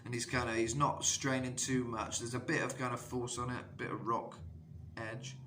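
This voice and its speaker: A man in the middle of his range talks through a casual singing lesson as a vocal coach. He rambles and restarts, leaning on fillers. A steady background noise runs under the recording. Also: mid-range voice, normal speed. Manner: rambling, filler-heavy, bursts into sung demos.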